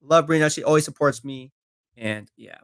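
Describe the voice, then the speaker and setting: A man's voice: a little high, normal speed, fairly bright tone, clean tone. A man live-streaming football talk, reading viewer comments and answering them in a confident, chatty way. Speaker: sports streamer.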